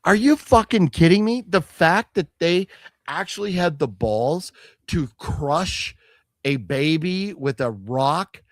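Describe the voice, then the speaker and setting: Rambling, lively-pitched male co-host. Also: slow, no room sound, clean studio sound. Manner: rambling, swears freely, reads product blurbs aloud; restarts sentences, hedging fillers. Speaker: co-host of a physical media haul show. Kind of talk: casual chat.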